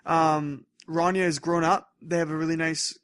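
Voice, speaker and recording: Animated, laughing young male podcast co-host. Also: fairly high pitch, normal speed. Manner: animated storytelling, laughing, rambling. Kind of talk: casual chat.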